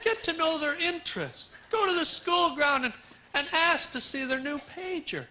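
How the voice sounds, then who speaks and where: A man's voice: very high-pitched, moderate pace, sharp tone, a little hiss or hum. A man doing a rambling stand-up comedy set on a club stage, riffing into absurd nonsense wordplay.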